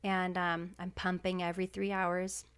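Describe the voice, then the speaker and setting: Heartfelt woman, lowish voice. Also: level tone, moderate pace, fairly bright tone, clear, resonant tone. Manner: heartfelt, emotional, many fillers like "like" and "um". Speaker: podcast guest. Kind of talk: personal storytelling in conversation.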